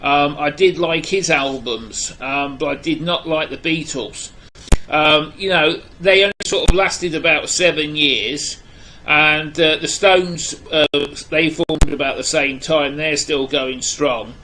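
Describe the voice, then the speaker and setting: An Englishman with an English accent and a fairly high, bright, forceful voice. He talks casually to camera about music, blunt and opinionated, and rambles with lots of fillers and restarts. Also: takes it slowly, a little hiss or hum, low-quality recording. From England. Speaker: music vlogger. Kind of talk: casual video chat to camera.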